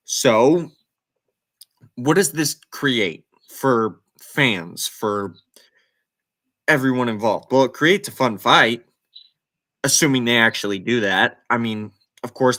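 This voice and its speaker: A man's voice: medium pitch, a bit bright. A man hosting a casual sports talk show, emphatic and incredulous as he breaks things down. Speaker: podcast host.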